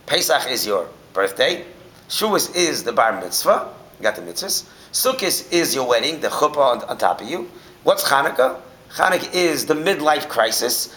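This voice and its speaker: A man teaching a Torah class, telling stories in an animated way that swings from shouting to a near whisper. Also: mid-range voice, poor audio.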